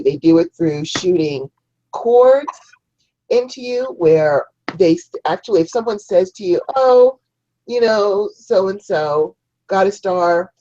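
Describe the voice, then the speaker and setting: A woman's voice: on the low side, warm tone, highs cut off, slight background noise. A woman hosting a spiritual talk show, teaching listeners step by step about energy work. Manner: instructive, guides listeners through a ritual. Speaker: host.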